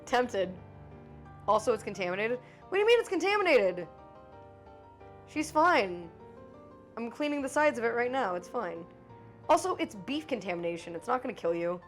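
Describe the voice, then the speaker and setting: A woman's voice: on the high side, very animated, normal speed, long pauses, faint music behind. Swearing woman streamer chatting with viewers. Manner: swears freely, jumps between joking and apologizing. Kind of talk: casual live-stream chat with viewers.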